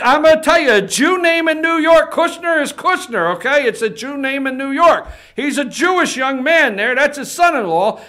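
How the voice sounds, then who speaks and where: Fired-up man with a very high, bright voice. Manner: fired-up, rambling, emphatic, swears for emphasis. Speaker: political talk show host. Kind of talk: opinionated political commentary. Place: TV talk show studio.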